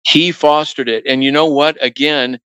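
A middle-aged male musician telling anecdotes in a relaxed interview, acting out what others said to him. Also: a little high, moderate pace, clear, resonant tone, no room sound, poor audio. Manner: relaxed anecdotal, acts out quoted voices. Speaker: guest musician. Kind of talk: storytelling interview talk.

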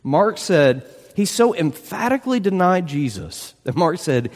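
Male pastor, emphatic sermon delivery, expressive pitch, reverberant hall sound. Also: measured pace, few pauses. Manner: animated, emphatic preaching with rhetorical questions.

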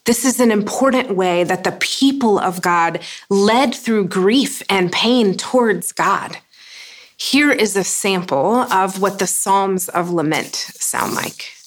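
A woman preaches at an unhurried pace, letting each line settle before moving on. Her delivery is earnest and measured, with a voice of middling pitch. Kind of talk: sermon.

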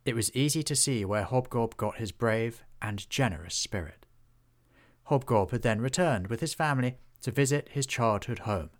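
A man who writes and narrates his own storybook series, reading in a measured storytelling cadence. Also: mid-range voice. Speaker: author and narrator.

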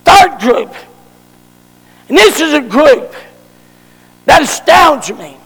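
Preacher shouting a sermon, high slow gravelly voice, big echoey hall. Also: male voice, very animated. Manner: fervent, shouted emphasis.

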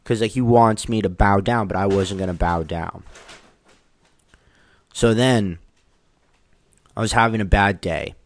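Speaking in a fairly low voice at a measured pace, a man tells a personal story in loose, casual talk with long pauses. He rambles, leans heavily on "like," and acts out what other people said. The recording is dry and close, with no room sound.

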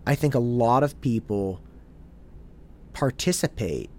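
Man telling a story with a lively voice. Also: medium pitch, slow pace, slight background noise. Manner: candid, self-deprecating, conversational. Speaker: podcast host. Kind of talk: reflective personal storytelling monologue.

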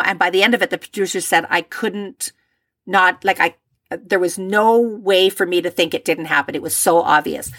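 A woman's voice: on the low side, moderate pace, a bit bright, no echo, studio quality. A woman casually retelling a story to a friend, acting out the quoted voices as she goes. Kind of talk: casual chat.

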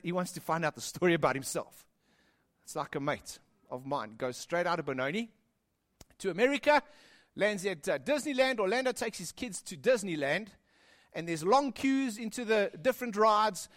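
High-voiced pastor preaching. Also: male voice. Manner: lively storytelling, swings between loud and hushed. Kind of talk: sermon.

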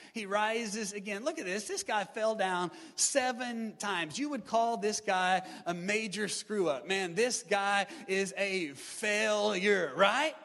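A male pastor giving a live sermon, building to shouted emphasis with repeated refrains. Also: high voice. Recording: live sermon in reverberant hall.

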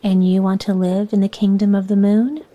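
A woman's voice: medium pitch, level tone, normal speed, warm tone, close to an everyday voice. A woman reading as a cruel old moon woman. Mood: cold.

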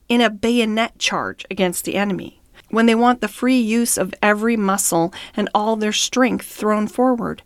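A woman reading the lines of a stern, principled gentleman who scolds others over their treatment of horses. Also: mid-range voice, dry recording, studio quality, lightly acted. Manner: stern and reproving.

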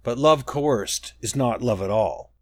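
A man voicing a gentle, wise woman priestess who leads young novices. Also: mid-range voice, a little slow, no echo, lightly acted. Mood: tender. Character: serene, playful woman priestess, the Sibyl.

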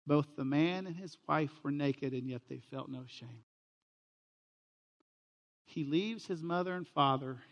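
A man's voice: fairly high pitch, in a large hall, dull audio. A middle-aged man, a pastor, preaching a sermon and telling stories, livening them with quoted voices. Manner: storytelling, animated with quoted voices.

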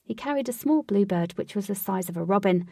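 A woman narrating a storybook in an even, clear reading voice. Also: medium pitch, a little fast, no echo, clean studio sound, distant mic.

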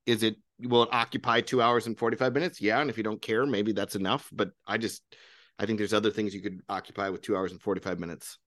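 A man's voice: lowish voice, fairly even intonation, fast, fairly bright tone, dry recording. A man co-hosting a casual film-review chat, rambling and dismissive. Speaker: podcast co-host, film reviewer.

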